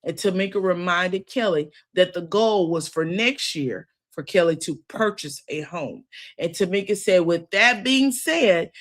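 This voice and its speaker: A woman's voice: lowish voice, normal speed. A woman hosting a casual recap of a reality TV episode, chatty and opinionated, often calling her listeners "child" and "girl.".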